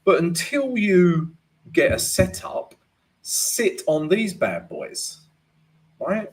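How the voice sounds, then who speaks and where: A man's voice: high voice, wildly swooping pitch, slow. A man hosting a live trading lesson, casual and chatty, often checking in with "right?" and addressing viewers as guys. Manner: laughs at his own jokes. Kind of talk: live chart analysis and viewer Q&A.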